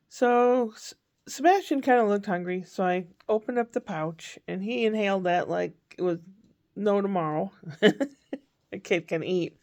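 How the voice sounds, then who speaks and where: A woman's voice: mid-range voice, gravelly, a little mellow. An older woman chatting casually in a rambling diary-style vlog, often correcting herself mid-sentence. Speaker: vlogger.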